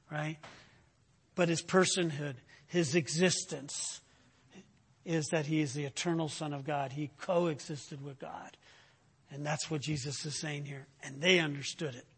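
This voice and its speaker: A man delivers a teaching sermon in a high, husky voice. He quizzes his listeners with "right?" and "what?", and climbs in pitch as he drives a point home. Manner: teaching with frequent "right?" check-ins and rhetorical questions; animated, rising in pitch when making a point. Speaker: preacher.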